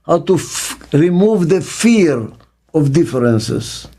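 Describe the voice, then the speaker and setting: An older man with a Hebrew mother tongue, a business consultant speaking in an interview, slow and emphatic, repeating his key words. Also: a little high, expressive, warm tone. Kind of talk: interview monologue.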